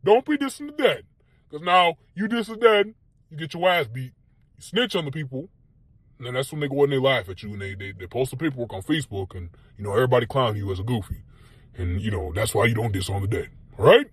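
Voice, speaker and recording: A man's voice: quick pace, slightly rough, no room sound. A young man from Minnesota giving a loose, profane comedy monologue as a YouTuber. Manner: loose, slangy and profane, animated swings in pitch.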